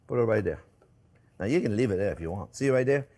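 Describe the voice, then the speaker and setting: Chatty older French-accented chef. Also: male voice, lowish voice, fast. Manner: chatty, animated, self-mocking asides with chuckles. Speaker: cooking show host. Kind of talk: cooking demonstration.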